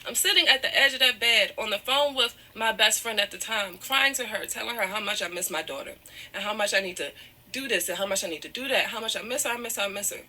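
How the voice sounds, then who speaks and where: Woman near tears telling her story, bright edgy voice, keeps saying sorry and however. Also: medium pitch, fast. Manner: apologetic, repeats "however", digresses. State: close to tears. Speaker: guest telling her side of a breakup. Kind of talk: emotional personal storytelling.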